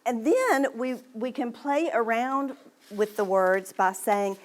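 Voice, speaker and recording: A woman's voice: fairly high pitch, animated, slow. Woman teaching parents about reading, patient, sounds out letters for them, library room talk. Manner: explains patiently, models letter sounds aloud. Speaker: early literacy presenter. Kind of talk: presentation to parents.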